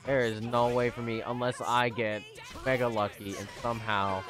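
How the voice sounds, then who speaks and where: A young man streaming live gameplay, talking excitably to his viewers, swearing often and yelling at the game. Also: mid-range voice, normal speed, over music.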